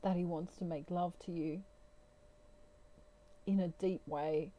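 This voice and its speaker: A woman giving a spiritual tarot reading, speaking softly and emotionally, with pauses and restarts. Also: on the low side, steady tone. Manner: slow, soft, emotional, hesitant. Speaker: tarot reader.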